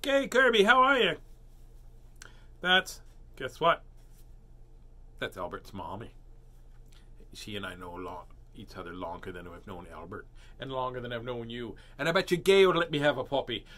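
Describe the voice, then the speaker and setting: Man, storytime host, playful, joking, bright, animated voice. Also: medium pitch, moderate pace, pauses often. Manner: joking, playful, lots of fillers. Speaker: host reading picture books aloud. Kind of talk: casual storytime banter.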